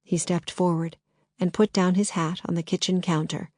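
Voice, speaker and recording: A woman narrating a novel as an audiobook, steady and measured. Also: fairly low pitch, no echo, clean studio sound. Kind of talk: scripted narration.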